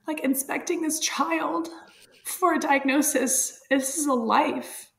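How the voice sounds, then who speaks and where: A woman's voice: sits high, steady tone, unhurried, creaky. A woman in her thirties, a podcast guest, telling a personal story candidly and with feeling, laughing often and using many fillers.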